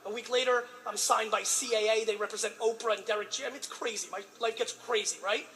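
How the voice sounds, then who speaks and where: A man's voice: sits high, steady tone, fast talker, bright, forceful tone, a little hiss or hum. Intense, profane male motivational speaker. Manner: pleading, emphatic repetition. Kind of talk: motivational speech. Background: background music.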